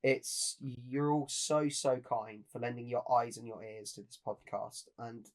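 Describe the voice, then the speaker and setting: A man's voice: mid-range voice, fairly even intonation, a little slow. A young man in his twenties co-hosting a podcast, chatting casually and earnestly with many restarts. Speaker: podcast co-host. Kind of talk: casual chat.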